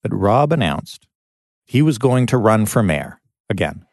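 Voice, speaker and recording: A man narrating a documentary podcast in a measured, scripted way and interviewing a guest. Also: lowish voice, big pitch swings, a little mellow, no echo, studio quality.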